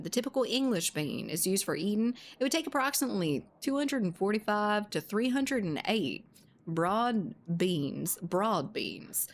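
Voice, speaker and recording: A woman's voice: medium pitch, animated, a little slow. A woman game streamer in casual live-stream chat, laughing often, swearing freely and answering her viewers.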